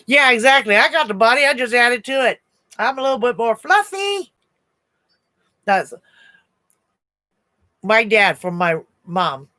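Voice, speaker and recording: A woman in her sixties hosts a crochet livestream, casually telling stories, laughing often and replying to chat comments. Her voice is fairly high and bright, with big pitch swings, a slightly slow pace, long pauses and a forceful tone. There is no room sound.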